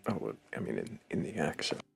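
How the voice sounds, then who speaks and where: A man hosts a casual livestream with a very deep, gravelly voice. His tone is husky, and his pitch swings widely as he teases and explains calmly. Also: a little fast. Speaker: livestream host.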